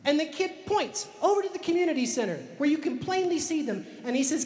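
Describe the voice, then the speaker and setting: A man telling a story to a live audience, slowing down for emphasis like a dramatic storyteller. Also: very high-pitched, animated. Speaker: author and speaker. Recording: echoey hall with long reverb.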